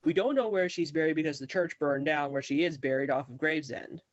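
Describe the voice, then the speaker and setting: A guest on a podcast speaking in a fairly high voice over a muffled, lo-fi connection that sounds dry. He makes his points earnestly in short, firm sentences. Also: fairly quick, no echo. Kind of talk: casual chat.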